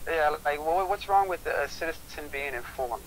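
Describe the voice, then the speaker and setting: A man's voice: on the high side, a crowd in the background, rough recording. A man telling a heated story on a casual livestream chat, swearing often and repeating himself. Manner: profane, heated, fast-talking.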